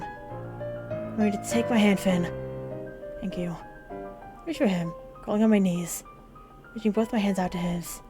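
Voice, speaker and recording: A woman at a middle pitch reads a narrative game aloud as its heroine, in an emotional, intense first-person delivery. Her voice rises in urgent moments. Game music plays clearly behind her. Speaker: gaming video host. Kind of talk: dramatic reading of a narrative game.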